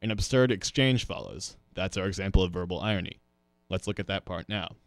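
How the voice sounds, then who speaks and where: A man teaching a literature lesson in a scripted narration, explaining clearly and speaking directly to students. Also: low-pitched, fairly quick, dry recording, studio quality.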